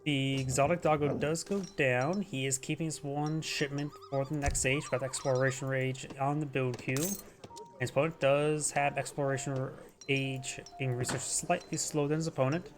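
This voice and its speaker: A man's voice: medium pitch, flat delivery, normal speed, a little hiss or hum. A man casually commentating a strategy game replay, rambling and tripping over unit names.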